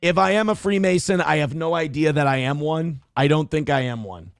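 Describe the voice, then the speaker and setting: A man's voice: on the high side, fairly quick, creaky, clean tone, no echo, clean studio sound. A man hosting a livestream show, reading chat messages aloud and ranting bluntly with lots of profanity. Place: home studio.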